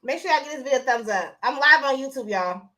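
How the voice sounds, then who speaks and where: High bright-voiced woman live-streaming. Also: animated, fast talker. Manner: chatty, blunt, profane. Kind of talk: casual live-stream chat. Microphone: phone.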